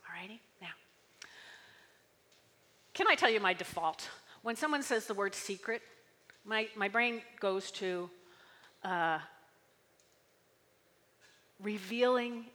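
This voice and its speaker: A woman pastor preaching a sermon, animated and full of call-and-response, often checking in with "okay?". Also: mid-range voice, big-room sound. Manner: animated, repeating key words, frequent "okay?".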